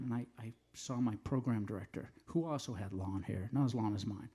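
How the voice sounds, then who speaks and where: A man's voice: medium pitch, fairly quick, hardly any pauses, dark tone, breathy edge. An older man from the northern United States, a singer-songwriter, telling rambling, self-deprecating stories between songs at a live café show.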